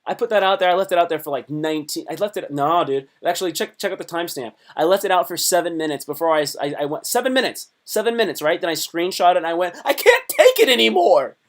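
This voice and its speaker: A man comedian chatting on a live stream in a rambling way, repeating himself and swinging between loud bursts and low mutters. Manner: slips into quick put-on voices. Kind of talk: casual live-stream chat.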